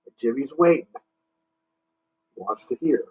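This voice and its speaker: Slow, husky man reading a picture book. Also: mid-range voice, expressive, muffled recording. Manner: stops to explain words and asks kids to join in. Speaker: teacher reading to children.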